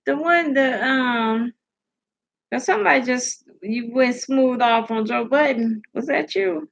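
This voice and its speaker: A woman's voice: high voice, measured pace, vocal fry, highs cut off. A sleepy woman hosting a casual live stream, rambling, laughing and answering comments from her chat.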